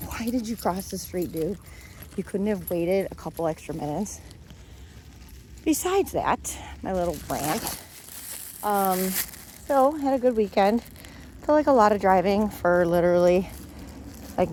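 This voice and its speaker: A woman's voice: mid-range voice, dark tone, slight background noise. A middle-aged woman chatting and venting in a casual walk-and-talk vlog, recorded outdoors on a phone while walking her dogs. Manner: chatty, venting, lots of fillers. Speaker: vlogger.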